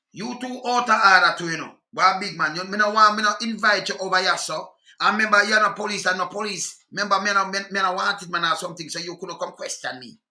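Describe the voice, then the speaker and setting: A man's voice: high-pitched, pushed and bright, reverberant. A man with a Jamaican accent in an angry, profane rant reacting to clips. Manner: heated, profane, scolding.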